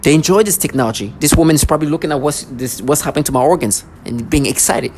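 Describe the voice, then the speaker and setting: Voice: medium pitch, fast talker, darkish tone, a little hiss or hum. A vlogger ranting to camera in an agitated, accusatory way, full of sarcasm and stammered restarts.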